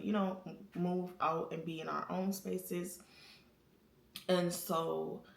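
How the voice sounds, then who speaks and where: A young woman talking candidly to her viewers from her apartment, chatty and quick to laugh. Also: fairly low pitch, vocal fry, roomy sound. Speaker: vlogger. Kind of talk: casual confessional talk to camera.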